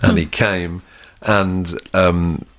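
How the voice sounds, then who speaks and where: A man's voice: deep voice, flat delivery, drawn-out words. A man co-hosting a podcast in casual chat, joking and teasing and laughing often. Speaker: podcast co-host.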